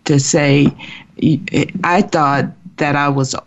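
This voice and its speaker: A woman sharing a personal faith testimony in a halting, earnest way, with many restarts. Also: low voice, steady tone. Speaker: guest sharing her testimony. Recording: muffled lo-fi recording.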